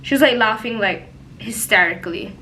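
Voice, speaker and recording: A young woman telling a personal story in a casual, animated way, full of "like" fillers. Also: a little high, moderate pace, a little hiss or hum, poor audio. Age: young adult. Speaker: vlogger. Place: home, indoors.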